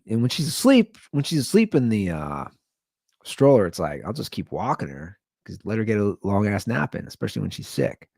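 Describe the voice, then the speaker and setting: A man's voice: low voice, gravelly, darkish tone, slightly rough, no echo, studio quality. A man hosting a podcast, telling a comic story in a rambling, loose, casually profane way. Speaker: podcast host. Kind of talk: casual comedic storytelling rant.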